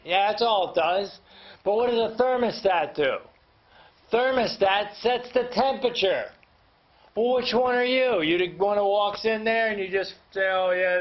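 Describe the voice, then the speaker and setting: A man giving a motivational talk to an audience, emphatic and fired up, speaking to them directly. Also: sits high. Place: hall with live audience. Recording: dull lo-fi sound.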